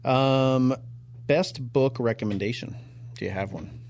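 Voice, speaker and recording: A man's voice: mid-range voice, a little mellow. A man hosting a podcast in casual chat, upbeat and teasing. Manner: upbeat, teasing, quick follow-up questions. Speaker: podcast host.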